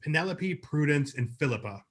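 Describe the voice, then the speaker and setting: A man's voice: on the high side, expressive, brisk, fairly bright tone. A man co-hosting a podcast, reviewing a TV episode in a chatty, upbeat way with lots of fillers. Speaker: podcast co-host. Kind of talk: casual review chat.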